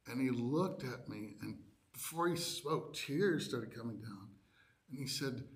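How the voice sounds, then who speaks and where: Guy telling a church class a story, really animated, does little voices for his own reactions, mid pitch. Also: a little slow. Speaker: adult education speaker.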